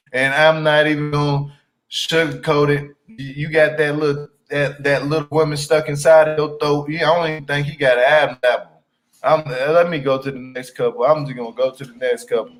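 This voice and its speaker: A man's voice: a little high, fairly even intonation, normal speed, low-quality recording. A man giving casual reaction commentary on a reality show, blunt, profane and exasperated.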